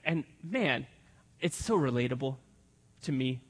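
High, lively male pastor preaching. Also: measured pace, in a large hall. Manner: animated, acts out the characters' lines. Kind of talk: sermon.

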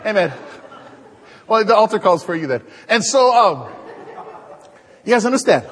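Husky preacher guy, kinda high voice, big echoey church hall, jokes around a lot. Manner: animated, joking storyteller with the congregation. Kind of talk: sermon.

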